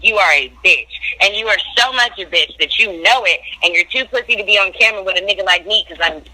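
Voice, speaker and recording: A woman's voice: medium pitch, fast talker, sharp tone, rough recording. Brash, blunt woman telling stories. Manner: brash, profane, blunt storytelling. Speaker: reality TV guest. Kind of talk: casual phone interview. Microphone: phone call.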